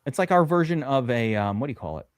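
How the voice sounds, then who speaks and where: A man's voice: mid-range voice, lively intonation, quick pace, clean tone, no room sound. A man hosting a live stream from his studio, chatting casually and rambling off topic while he gets distracted. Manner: rambling and easily distracted, jumps between topics. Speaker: host. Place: upstairs studio.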